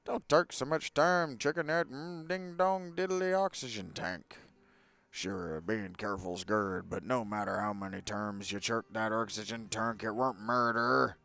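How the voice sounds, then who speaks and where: A mumbling cranky old captain. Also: male voice, fairly low pitch, steady tone, a little slow, creaky, voice pushed up, exaggerated voice. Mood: scolding. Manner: mumbled slurred words as if around a cigar; loud, bossy, cursing. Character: gruff old male rocket captain, cranky.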